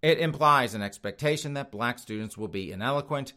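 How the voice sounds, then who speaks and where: A male podcast host delivers scornful commentary from a studio, pausing often to chuckle at his own jabs. His voice sits at an ordinary middle pitch, and his tone stays sneering and mocking throughout. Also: bright, forceful tone. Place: studio outside Boston.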